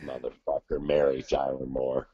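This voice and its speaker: An older man, a guest singer, telling stories in a brash, profane, animated way in casual chat. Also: extremely low pitch, moderate pace, husky, highs cut off.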